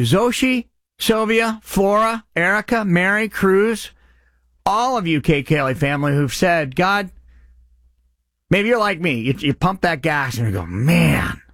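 A middle-aged man hosting a live radio charity appeal, eagerly thanking callers by name and stumbling over his words when excited. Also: high-pitched, dry recording, clean studio sound. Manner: excitable, names donors with loud bursts of enthusiasm; stutters and restarts when excited. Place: radio studio.

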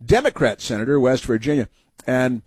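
A man's voice: mid-range voice, sing-song, moderate pace, a little mellow, breathy edge, no room sound. Rambling sarcastic talk-show host, man. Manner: rambling, sarcastic, many fillers and restarts. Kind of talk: opinionated talk show monologue.

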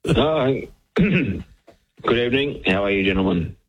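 A man calling in to a late-night radio show, telling a story in a hesitant, halting way. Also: medium pitch, animated. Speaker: radio caller. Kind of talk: call-in storytelling. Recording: phone line on radio broadcast.

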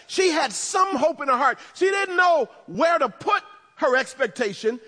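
High bright-voiced preacher in a reverberant hall. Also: male voice, lively intonation, measured pace. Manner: conversational preaching with humorous asides; dramatic swings between loud emphasis and hushed tones. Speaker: pastor. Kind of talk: sermon. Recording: long reverb of a large hall.

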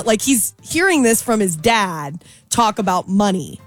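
A woman co-hosting a radio show, telling animated stories about family kids in casual chat. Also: on the high side, measured pace, few pauses, dry recording, faint music behind. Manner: animated storyteller. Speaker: radio co-host.

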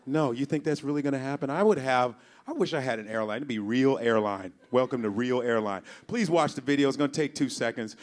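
A man doing a stand-up comedy routine, loud and animated, talking profane street slang and breaking into screams and laughter. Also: medium pitch, quick pace, few pauses.

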